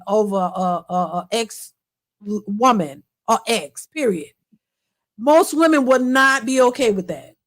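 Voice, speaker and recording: Brief: high-pitched woman host, casual reaction commentary, blunt and emphatic. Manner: blunt, emphatic, repeats her points.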